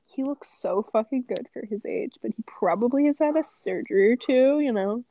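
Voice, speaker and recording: A woman's voice: fairly high pitch, expressive, moderate pace, warm tone, no room sound, lo-fi sound. A woman hosting a casual podcast from a room at home, laughing often, swearing freely and rambling from one thought to the next. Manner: giggly, swears a lot, rambling. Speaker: podcast host.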